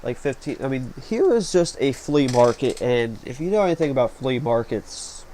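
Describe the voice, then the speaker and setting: A man's voice: medium pitch, expressive, moderate pace, mellow, rough recording. A man narrating his own vlog footage in a rambling, casual way, with lots of fillers. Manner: rambling, chatty, many fillers. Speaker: vlog host. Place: small hot room with a fan running. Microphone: home recording setup. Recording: faint fan noise.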